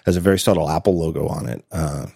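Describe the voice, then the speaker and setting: A middle-aged man talking in a casual podcast chat, animated and laughing often, with halting restarts. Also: a bass voice, gravelly, slightly rough, no room sound, studio quality. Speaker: podcast guest.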